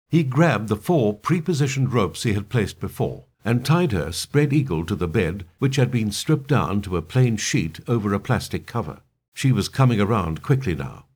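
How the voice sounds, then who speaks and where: In a low, slightly husky voice, a man reads thriller narration aloud. His pace stays steady while his pitch rises and falls expressively.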